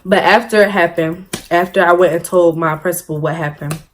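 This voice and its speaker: Young woman, vlogger, low-ish voice, animated storyteller who laughs at her own jokes. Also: a little fast, a little hiss or hum. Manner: animated, laughing, acts out quotes. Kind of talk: story time vlog.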